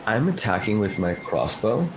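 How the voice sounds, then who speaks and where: A man's voice: fairly low pitch, very animated, moderate pace, a little hiss or hum, poor audio. A man playing a tabletop role-playing game, hesitant and correcting himself as he explains his move. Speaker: player. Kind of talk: casual game-table talk.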